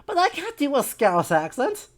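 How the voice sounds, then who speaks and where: A woman's voice: sits high, wildly swooping pitch, moderate pace. Sarcastic woman streaming a game. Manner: sarcastic, self-mocking, chatty. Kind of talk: casual gameplay commentary.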